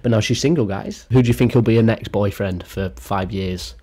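A man's voice: on the low side, brisk, warm tone. A young man doing a comedic gossip rant as a YouTube commentator, sarcastic and crude with mock-dramatic outbursts.

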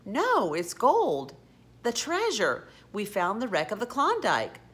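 A woman voicing a brave, level-headed young male mouse who talks in a brisk, take-charge way. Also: lowish voice, expressive, close to an everyday voice.

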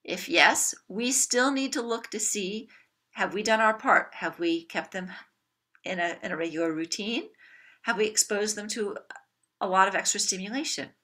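A woman giving an animated workshop talk to a room of parents, coaching them with acted-out examples. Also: mid-range voice, moderate pace. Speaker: parenting educator. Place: room with an audience.

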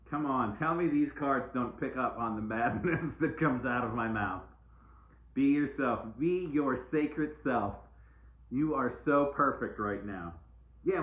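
A man giving a casual, playful live-stream oracle card reading, repeating uplifting phrases like mantras. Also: mid-range voice. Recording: echoey room, tinny phone-like sound.

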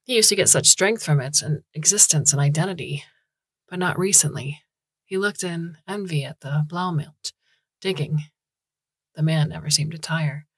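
Low husky woman narrating a story. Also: normal speed, no echo. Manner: calm, even storytelling. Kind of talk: scripted audiobook narration.

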